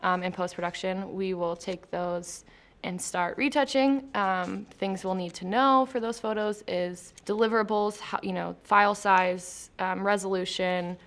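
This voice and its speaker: Chatty woman with a gravelly edge. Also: mid-range voice, a little slow, fairly bright tone. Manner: chatty, laughing, filler-heavy. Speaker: post-production traffic manager, interview guest. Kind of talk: casual interview answers. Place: company studio.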